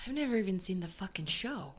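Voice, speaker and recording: A woman's voice: medium pitch, big pitch swings, fast, slight background noise. A woman school teacher guesting on a podcast, blunt and dry, swearing freely in casual banter.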